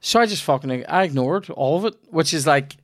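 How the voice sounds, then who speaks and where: A young man with a Northern Irish accent speaks fairly quickly in a fairly high, lively voice, recorded dry with clean studio sound. A comedian hosting a podcast, he rambles through stories in casual chat and swears freely.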